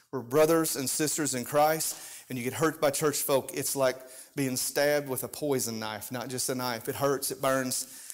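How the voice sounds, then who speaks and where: A man's voice: medium pitch, fairly even intonation, a little slow. A pastor preaching a sermon with an impassioned, sing-song cadence and frequent call-outs to his congregation.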